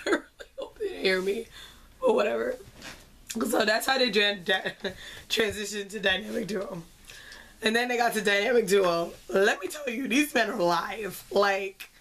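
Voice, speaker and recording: A young woman in her twenties excitedly recapping a concert in casual vlog chat, slangy and laughing often. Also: mid-range voice. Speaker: vlogger.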